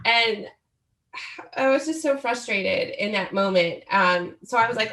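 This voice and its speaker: A woman's voice: mid-range voice, measured pace, a bit bright, echoey room. A woman in her forties, a guest author telling her story in an earnest, reflective way during a podcast interview. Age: 40s.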